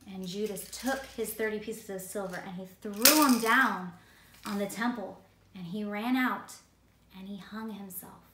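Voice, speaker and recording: Woman teaching a bible story lesson, bright fairly high voice, playful and lively, echoey room. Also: measured pace, far from the mic.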